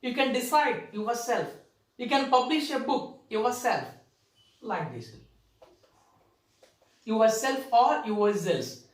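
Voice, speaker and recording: A woman teaching a grammar lesson, repeating words slowly and stressing key terms. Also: a little high, expressive. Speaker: English teacher. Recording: echoey room, far from the mic.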